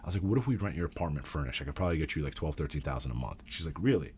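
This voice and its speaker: A man, a real estate agent, telling animated work stories in casual chat and swearing freely. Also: very deep voice, rapid-fire, slight background noise.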